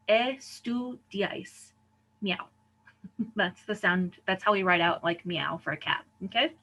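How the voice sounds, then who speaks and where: A woman teacher explaining a lesson in clear steps, often checking in with "right?". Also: mid-range voice, bright, forceful tone. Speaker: Spanish teacher. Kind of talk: recorded lesson.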